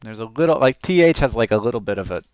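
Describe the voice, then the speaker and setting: A man's voice: mid-range voice, lively intonation, fast, darkish tone, clean tone, dry recording. A man casually talking through his own video edit, rambling with lots of fillers and restarts. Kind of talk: casual talk-through while editing.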